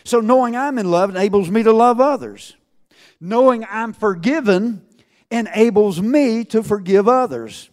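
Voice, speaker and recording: A man delivers a sermon to his congregation, his voice sitting high and his pace measured. He moves between loud calls and quiet asides, posing rhetorical questions along the way.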